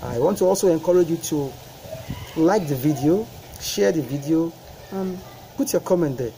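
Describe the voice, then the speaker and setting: A man preaching a sermon, repeating phrases with rising fervor and praying in a low, soft voice. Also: animated, normal speed, gravelly, a little hiss or hum, poor audio.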